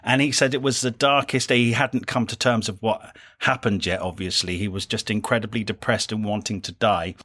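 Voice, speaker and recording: A man's voice: on the low side, fairly even intonation, brisk, hardly any pauses, sharp tone, breathy edge. Male podcast co-host, reflective and sincere, casual chat. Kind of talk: casual book-discussion chat.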